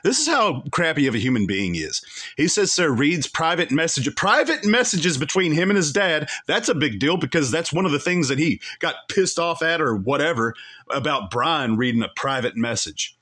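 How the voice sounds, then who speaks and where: A man's voice: a little high, sing-song, moderate pace, bright, forceful tone, slightly rough. A man hosting a commentary show, angrily calling out someone between clips, with heated, repetitive and emphatic insults.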